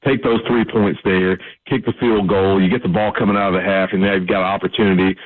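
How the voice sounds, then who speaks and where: A man's voice: deep voice, fairly even intonation, fast, no room sound. A man calling in to a sports radio show, talking football in an emphatic, coaching way and saying "man" often. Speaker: caller. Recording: tinny phone line.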